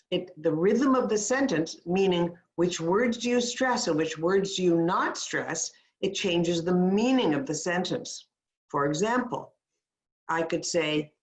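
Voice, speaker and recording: A woman coaching a webinar on a video call, demonstrating speech sounds and sentence stress and asking attendees questions. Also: low voice. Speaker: communication coach. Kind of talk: webinar teaching.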